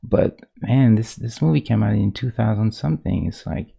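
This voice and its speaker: A man with a low, gravelly voice talks loosely while he draws on stream. His tone is dark and mellow, and his sentences ramble and restart before he gets animated. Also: normal speed. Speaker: pixel art streamer. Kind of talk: casual chat while drawing on stream.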